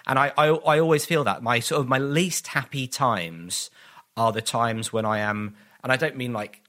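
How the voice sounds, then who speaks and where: Comedian guest, male, bright voice, rambling storyteller who keeps restarting. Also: medium pitch, moderate pace. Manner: rambling anecdotes with many restarts and acted quotes. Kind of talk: casual podcast chat.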